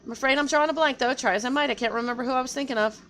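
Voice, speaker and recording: A woman's voice: sits high, rapid-fire, fairly bright tone, a little hiss or hum. A woman voicing a nervous, evasive male rabbit-folk character in a game, flustered and overly polite with stammers.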